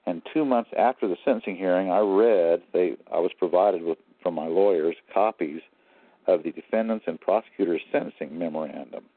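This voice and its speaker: Deep-voiced aggrieved man on a phone line. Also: brisk, no room sound. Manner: rambling, aggrieved, emphatic. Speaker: guest. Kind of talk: phone-in interview.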